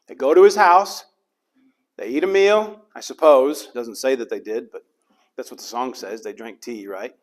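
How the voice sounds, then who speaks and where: A middle-aged man preaching a sermon as pastor. He acts out the lines of the people in the story with dramatic swings. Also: medium pitch.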